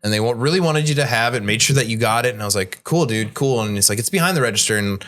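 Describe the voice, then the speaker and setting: A man's voice: medium pitch, fast talker, fairly bright tone. A man, a bartender guest on a podcast, telling a story casually and acting out the people he quotes in raised voices. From Midwest United States.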